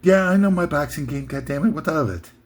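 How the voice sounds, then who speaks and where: An American man hosting a comedic top ten list, rambling and interrupting himself, now and then shouting out impressions. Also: on the high side, lively intonation, a little fast.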